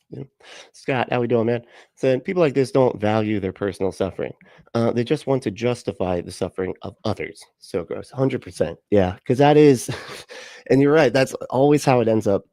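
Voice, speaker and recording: A man's voice: medium pitch, gravelly, warm tone, no room sound, clean studio sound. Sarcastic man reacting on livestream. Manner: sarcastic, profane, laughs often, mocking voices. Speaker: livestream host reacting to videos. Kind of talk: casual livestream commentary.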